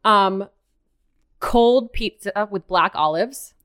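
A woman's voice: medium pitch, slow, fairly bright tone. A woman actor from Maine, chatting animatedly as a guest on a casual podcast interview. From Maine, USA.

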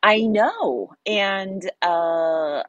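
A woman's voice: medium pitch, very slow, no echo, highs cut off. A middle-aged woman co-hosting a podcast, a parent of a teenager, talking candidly and wryly with casual swearing. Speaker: podcast co-host. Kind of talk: casual chat.

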